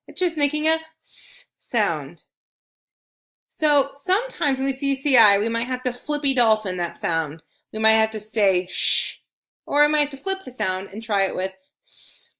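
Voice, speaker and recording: Woman teacher talking slow n bouncy to little kids, lots of praise. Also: on the high side, expressive, pushed and bright. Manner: encouraging, speaks slowly and clearly to young learners. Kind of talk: early reading lesson for children.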